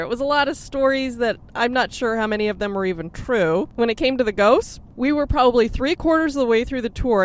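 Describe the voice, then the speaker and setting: Upbeat woman host, a bit higher voice, casual chat recorded in a car. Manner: chatty and upbeat, laughs often. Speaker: podcast host. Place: in a car on a road trip. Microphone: sharing one mic with co-host.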